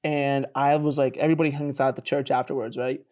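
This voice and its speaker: A young man telling a story on a laid-back podcast, in a voice of middle pitch. He talks in an animated, self-mocking way. He laughs often and his voice leaps higher when he gets excited. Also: fast. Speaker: podcast co-host. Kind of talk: casual storytelling chat.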